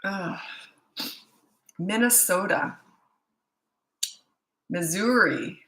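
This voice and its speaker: A woman's voice: medium pitch, extremely slow, bright, forceful tone, reverberant, rough recording. A woman, a parenting coach, chatting through a casual live-stream Q&A with lots of ums; she sounds tired. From Canada. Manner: chatty, rambling, many ums.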